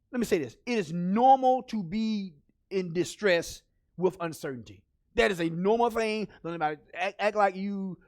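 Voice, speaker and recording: A man talks into a camera with a high voice that swings widely in pitch. He encourages his listeners over and over, and now and then bursts out loud. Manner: encouraging, repetitive, animated with sudden loud outbursts. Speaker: leadership speaker. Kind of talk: motivational talk to camera.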